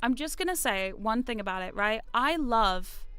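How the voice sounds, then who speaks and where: New woman streamer, high-ish crisp voice, rambly and self-deprecating, dry close sound. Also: animated, moderate pace, sharp tone, no room sound, faint music behind. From New Zealand. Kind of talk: casual stream chat. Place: home streaming room.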